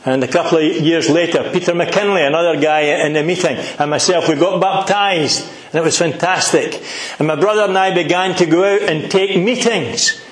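A man's voice: fairly high pitch, normal speed, roomy sound. A middle-aged Scottish man preaching a sermon, earnest and emphatic, asking the congregation questions.

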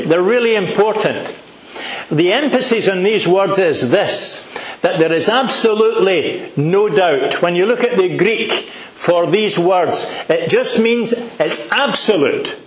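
Middle-aged Scottish preacher, high pitch, emphatic delivery, recorded in a reverberant hall. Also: male voice, lively intonation, a little slow, slight background noise. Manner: earnest, emphatic, asks the congregation questions. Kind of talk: sermon.

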